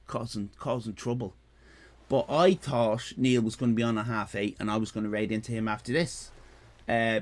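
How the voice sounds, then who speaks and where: A man in his fifties with an Irish accent, talking off the cuff to his live-stream chat. His voice sits a touch high for a man and jumps all over the place. He rambles, repeats lines and cracks jokes. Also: fairly bright tone. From Ireland. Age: 50s. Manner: rambling, repeats himself, jokey and swearing.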